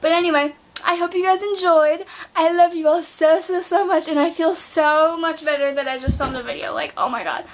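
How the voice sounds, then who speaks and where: A woman's voice: extremely high pitch, fairly even intonation, normal speed, slight background noise. A teenage girl chatting casually about clothes she bought, bubbly and filled with "like", a bit out of breath. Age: teens. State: slightly out of breath. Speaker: vlogger. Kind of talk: casual clothing haul chat. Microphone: camera mic.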